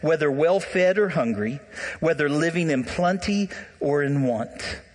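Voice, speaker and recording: Animated male preacher in a reverberant hall. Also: fairly high pitch, a little slow. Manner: animated preaching, talks to the congregation directly. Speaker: pastor. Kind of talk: sermon.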